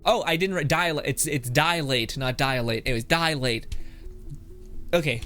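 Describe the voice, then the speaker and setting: A man's voice: on the high side, normal speed, pushed and bright. Laughing, swearing man reacting to memes. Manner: laughing, swearing, rambling asides. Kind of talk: casual reaction commentary. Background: background music.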